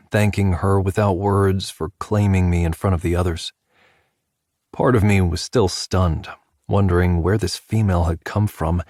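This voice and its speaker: A man narrating a sci-fi audiobook in first person, measured and even. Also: deep voice, no room sound, studio quality.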